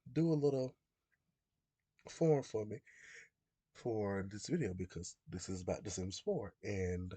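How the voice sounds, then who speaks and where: A man's voice: lowish voice, dark tone, dry recording. A man in his twenties who is under the weather, casually chatting about a game as a YouTuber in a rambling, self-correcting way. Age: 20s. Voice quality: gravelly, husky. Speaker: gaming YouTuber. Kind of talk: casual chat.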